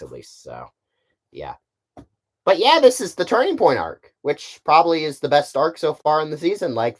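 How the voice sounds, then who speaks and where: Man with a lively, stammering voice. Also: a little high. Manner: stammers, often repeating words before finishing a thought; rambling and offhand, with frequent fillers like "like" and "you know". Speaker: puppet series creator on a stream. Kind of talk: casual stream chat answering viewer questions.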